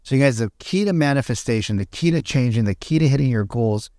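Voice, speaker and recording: A man's voice: medium pitch, lively intonation, fast talker, a little mellow, dry recording, studio quality. Man giving an upbeat motivational talk. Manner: coaching, repetitive, addresses listeners as "you guys". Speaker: podcast guest.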